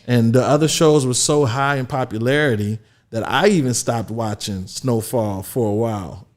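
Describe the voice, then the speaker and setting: A man from Florida hosting a casual chat about TV shows, relaxed, with lots of fillers and "you know". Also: mid-range voice, normal speed. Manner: laid-back, many fillers and "you know". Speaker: host.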